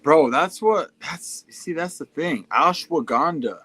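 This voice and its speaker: A man's voice: a little high, lively intonation, takes it slowly, husky, no room sound. Slangy laid-back young man streaming. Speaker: streamer reading fan messages. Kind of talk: casual livestream chat.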